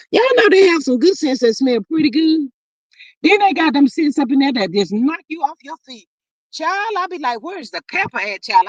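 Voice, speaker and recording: This livestream host has a high-sitting voice and no echo in the room. She's chatty, reads comments from viewers aloud, and refers to her audience as "y'all" and "child."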